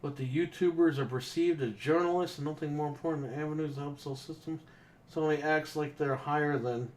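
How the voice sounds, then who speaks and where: A man's voice: on the high side, fairly even intonation, brisk, a little mellow, slight background noise. A man co-hosting a gaming podcast, ranting casually, in a heated and profane way. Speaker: podcast co-host. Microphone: desk microphone.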